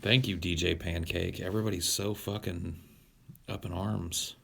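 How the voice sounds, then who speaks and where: A young man casually chatting with his livestream chat, profane and rambling, mock-ordering everyone to calm down. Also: low voice, moderate pace, vocal fry, slightly rough. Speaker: streamer talking to his live chat.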